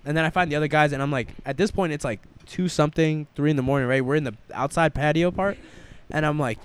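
A young man with a slightly high voice tells a story in loose, slangy chat. He talks with animation and acts out what his friends said. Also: very fast, smooth. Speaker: podcast co-host.

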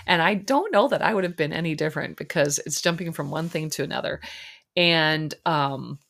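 Low-pitched woman podcast host, super chatty recap, full of likes and ums, very opinionated. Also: normal speed, vocal fry, fairly bright tone. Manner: chatty, opinionated, lots of fillers. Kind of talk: casual reality-TV recap.

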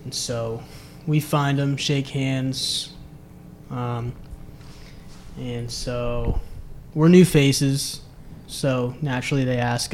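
A man's voice: mid-range voice, drawn-out words, a little hiss or hum. Chatty man telling a caddying story. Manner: animated storyteller, laughs often, restarts phrases. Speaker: caddy, podcast guest. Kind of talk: casual chat.

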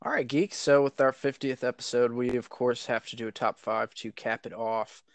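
A man's voice: medium pitch, steady tone, normal speed, no room sound. A man co-hosting a casual podcast, laid-back and joking, swearing now and then. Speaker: podcast co-host.

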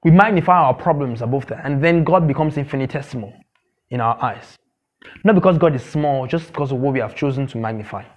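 A man preaching a sermon, emphatic and repetitive, asking his listeners questions and now and then mocking gossip in a squeaky voice. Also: fast talker, dull audio. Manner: emphatic, repeats key phrases, asks the congregation questions. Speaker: pastor.

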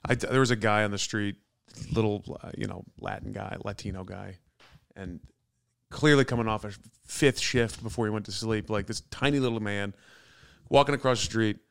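A man telling a profane, animated story as a comedian guest on a casual podcast. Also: on the low side, normal speed, vocal fry, clear, resonant tone. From not from New York.

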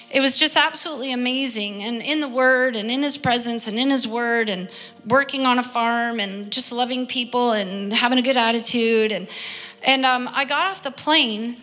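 A woman preacher giving an earnest, heartfelt sermon, reading scripture and pausing often. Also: on the high side, pushed and bright. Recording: long hall reverb, faint music behind.

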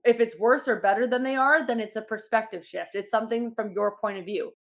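A young woman coaches her fitness clients in casual podcast talk, chatty, upbeat and encouraging, with lots of fillers and frequent "like." Her voice is fairly high, a bit bright, and a little fast.

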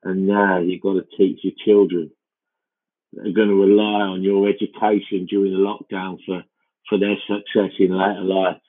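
A man hosting a comedy podcast, rambling through a self-mocking comic monologue in a deadpan way. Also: low voice, normal speed. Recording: band-limited, phone-like sound.

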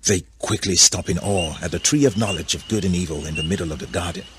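Deep-voiced man reading a story. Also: fast talker, background noise. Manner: animated, voices many characters. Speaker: narrator.

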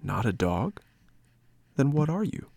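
A man reading a storybook and voicing a sly male polecat who talks in a hushed, coaxing voice. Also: medium pitch, big pitch swings, slow pace, vocal fry, slightly rough, no room sound, voice pushed up, heavily acted. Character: sly soft-spoken male polecat, scheming thief.

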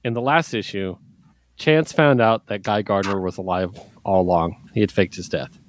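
A man's voice: on the low side, normal speed, slight background noise. A man co-hosting a podcast, recapping comics in casual chat with filler words and swearing. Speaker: podcast co-host.

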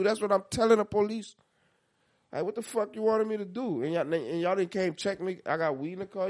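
A man with a New Orleans accent talks in loose, animated podcast chat, his voice sitting a little high. He swears freely and acts out what people said. The sound is close and dry. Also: dry recording. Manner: animated storytelling, swears a lot, acts out quotes. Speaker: podcast co-host. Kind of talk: casual chat.

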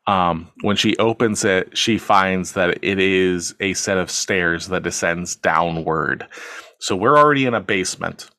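A man's voice: low-pitched, a little slow, pushed and bright, no room sound, studio quality. A man hosting a podcast, casually retelling a film scene by scene and acting out the characters' lines, swearing freely. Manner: storytelling, acts out quotes, swears casually. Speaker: podcast host.

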